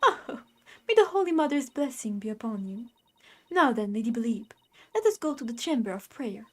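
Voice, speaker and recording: A woman's voice: on the high side, sing-song, moderate pace. A woman voicing a haughty middle-aged queen who speaks in grand, stately phrases. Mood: regal.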